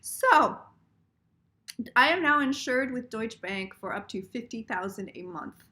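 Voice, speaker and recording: A woman hosting a live tarot stream, chatting casually. She is an animated, swearing storyteller who laughs often and acts out other people's lines. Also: on the high side, a little slow.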